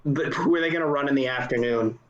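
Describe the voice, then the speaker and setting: A man playing a tabletop game, describing his character's actions in lively detail. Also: medium pitch, quick pace, dull audio. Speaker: player.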